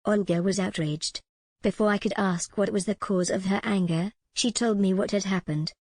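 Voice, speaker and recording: A woman reading a first-person story aloud in a clear, measured way, as a scripted narration for language learners. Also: mid-range voice, steady tone, a little mellow, no echo.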